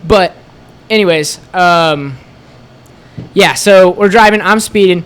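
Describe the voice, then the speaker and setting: A man's voice: high voice, slow, smooth. A man, a podcast guest telling a road-trip story in casual chat, acting out what everyone said and leaning on "like" a lot. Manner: animated, acts out quoted voices, lots of "like". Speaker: podcast guest, store co-owner.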